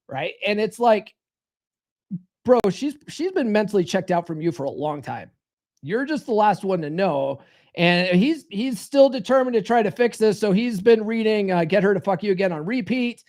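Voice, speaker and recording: A man's voice: sits high, expressive, normal speed, darkish tone. A man hosting a podcast as a dating coach, giving advice in a blunt monologue, swearing freely and repeating his key phrases.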